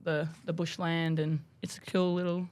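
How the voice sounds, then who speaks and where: A woman chats as a podcast guest, laid-back and casual. Her voice is notably low for a woman. She often pauses with ums as she talks. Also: flat delivery, a little mellow. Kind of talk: casual chat.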